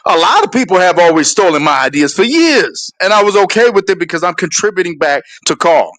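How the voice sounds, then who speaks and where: Male stream host, higher voice, profane heated rant. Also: big pitch swings, fairly quick, fairly bright tone. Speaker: show host. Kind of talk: ranting live stream talk.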